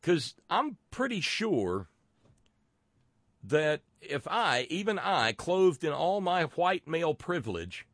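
A man's voice: on the high side, fairly bright tone, no room sound, studio quality. A middle-aged man hosting a political commentary show, sardonic and profane, often stammering and restarting his sentences. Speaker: podcast host.

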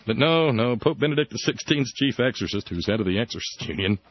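A man hosting a satirical talk radio show, sarcastic, often jumping into high mocking tones. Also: expressive, fast, slight background noise. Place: radio studio. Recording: dull dry radio broadcast.

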